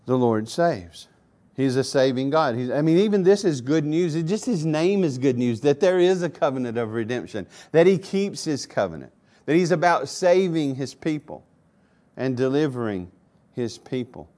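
Male pastor mid-sermon in a church, emphatic, repeats key phrases, dynamic from soft to loud. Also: mid-range voice, animated, normal speed.

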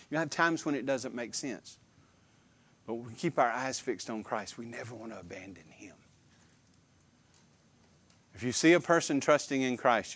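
A man preaching a sermon, emphatic and animated, with repeated phrases and questions to the congregation. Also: medium pitch.

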